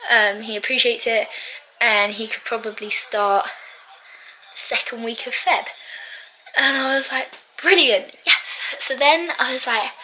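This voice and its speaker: Bright chatty young woman vlogging. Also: fairly high pitch, rough recording. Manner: chatty, rambling, frequent ums and little laughs. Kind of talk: casual chat vlog. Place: bedroom.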